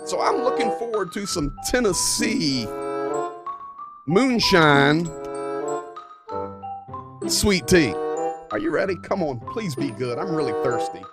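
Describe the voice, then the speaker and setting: A man's voice: high-pitched, very animated, normal speed, few pauses, music in the background. A man hosting a talk show, delivering a folksy, emphatic monologue with playful asides. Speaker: show host.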